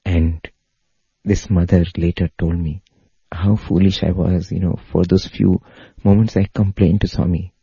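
A man telling a devotional story in an earnest way, his voice going higher when he quotes others. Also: little pitch movement, a little slow, vocal fry, mellow, slightly rough, no room sound. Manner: earnest, rises in pitch when quoting others. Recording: dull lo-fi dry recording.

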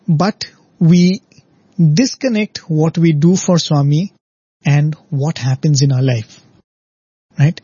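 A man's voice: on the high side, takes it slowly, long pauses, warm tone, breathy edge, no room sound, muffled recording. A man giving an earnest, reflective devotional discourse, often ending his points with "right?". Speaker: spiritual speaker.

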